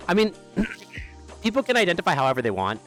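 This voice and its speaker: A man's voice: high-pitched, wildly swooping pitch, fast talker, a bit bright, soft background music. A man chatting casually on a live stream while sitting outdoors, rambling, trailing off mid-sentence and laughing often. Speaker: livestreamer. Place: outdoors near an amphitheater.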